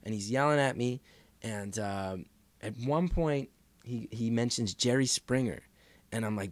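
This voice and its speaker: A man's voice: medium pitch, measured pace, no room sound. A man telling a long story in a casual podcast chat, acting out the people in it. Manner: animated, acts out quoted voices. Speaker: podcast guest.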